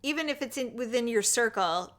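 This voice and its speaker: A woman co-hosting a podcast in casual chat, telling stories with lively acted-out quotes. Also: a little high, brisk. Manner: animated storyteller, acts out quotes. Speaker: podcast co-host.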